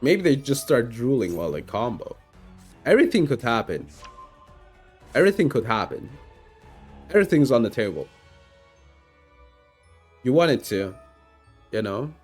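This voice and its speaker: A man giving casual, rambling commentary while he streams a card game, his pitch swooping up and down as he mocks his own bad luck. Soft music plays faintly underneath him. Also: normal speed, pauses often, husky. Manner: animated, self-mocking, rambling with many "like"s.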